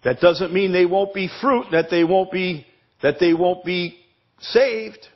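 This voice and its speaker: A man preaching a sermon as pastor, emphatic, repeating words and asking the congregation questions, with a husky voice. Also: high voice, measured pace, dull audio. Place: church sanctuary.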